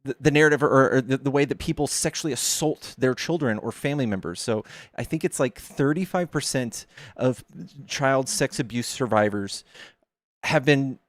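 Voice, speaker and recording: A man's voice: medium pitch, moderate pace, no room sound. A man hosting a casual online debate, blunt and profane, leaning on statistics. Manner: blunt, swears, cites data. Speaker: debate streamer.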